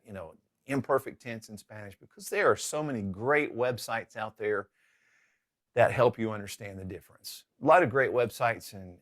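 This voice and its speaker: A man's voice: mid-range voice, dry recording, clean studio sound. A man teaching a recorded Spanish grammar lesson, upbeat and often checking in with "okay?".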